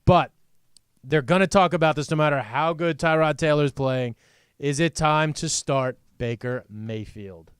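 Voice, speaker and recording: Man, sports podcast co-host, blunt and sarcastic, slightly high voice, dry close sound. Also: a little slow, clean tone, no echo. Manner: blunt, sarcastic, mimics fans in quotes. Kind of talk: casual sports talk.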